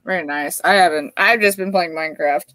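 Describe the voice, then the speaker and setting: A woman's voice: lowish voice, brisk, a bit bright, dry recording. A woman co-hosting a live stream, chatting casually with short, laid-back replies. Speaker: stream co-host.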